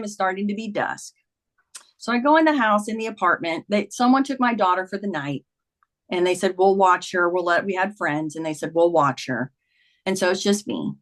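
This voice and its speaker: A woman's voice: mid-range voice, expressive, moderate pace. A woman in her fifties, a podcast guest, earnestly retelling a personal story in conversation, with many "like"s.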